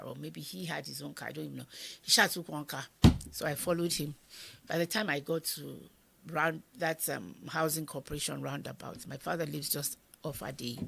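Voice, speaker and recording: A middle-aged Nigerian woman with a Nigerian accent, telling a personal story as an interview guest, animated and acting out voices, sometimes dropping to a whisper. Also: low-pitched, vocal fry, breathy edge. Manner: animated, acts out quoted voices, drops to whispers.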